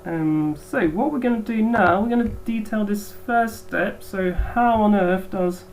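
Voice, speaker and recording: A woman's voice: medium pitch, a little slow, darkish tone, slight background noise, poor audio. A woman biology teacher giving a recorded lecture, hesitant with frequent ums.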